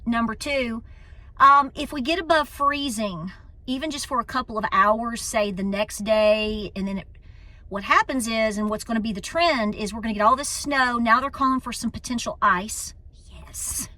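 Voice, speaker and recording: A woman from East Tennessee talks to her followers in a warm Southern drawl, calling everyone honey. Her voice is bright and sits a little high. She films herself on a handheld phone from the car and the store aisles. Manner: folksy and chatty, calls people honey. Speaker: homestead channel host. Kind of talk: casual vlog chat. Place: inside a car, then a busy store. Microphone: handheld phone at arm's length.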